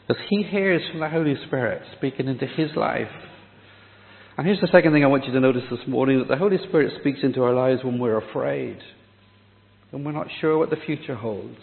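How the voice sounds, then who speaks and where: A man preaching a sermon, dramatic, dropping to a hush on key words. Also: medium pitch. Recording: echoey hall, tinny phone-like sound.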